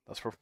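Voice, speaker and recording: A man's voice: fairly bright tone, dry recording, clean studio sound. A young man bantering casually with friends as a streamer, teasing, swearing and laughing often.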